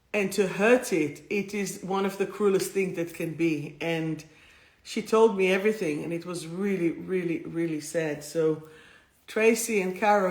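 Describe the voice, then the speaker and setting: A woman streaming a spiritual talk live on two phones, wandering from thought to thought and easily moved by her own stories. Her voice bounces around a roomy, echoing space. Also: lowish voice. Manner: warm, rambling, emotional, easily moved. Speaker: spiritual healer and host. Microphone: two phones streaming at once. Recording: roomy echo.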